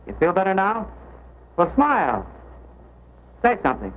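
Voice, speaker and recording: An actor playing a fast-talking newspaper reporter in 1930s film acting, coaxing his sweetheart on the telephone. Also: sits high, wildly swooping pitch, fairly bright tone, slight background noise, exaggerated voice, low-quality recording. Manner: coaxing, pleading on the phone.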